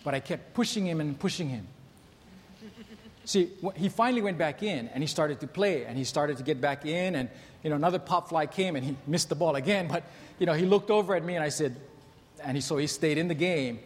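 A man's voice: on the high side, brisk. A man in his thirties preaching a sermon, telling stories in a conversational way and asking the congregation rhetorical questions. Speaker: pastor. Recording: long hall reverb, faint ambience.

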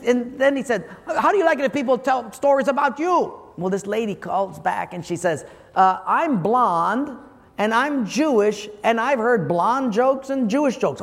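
A man preaching a humorous sermon as pastor, telling a story with lively energy and acting out the voices of the people in it. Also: very high-pitched, moderate pace, gravelly. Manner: animated, acts out quoted callers. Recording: long hall reverb, faint room noise.

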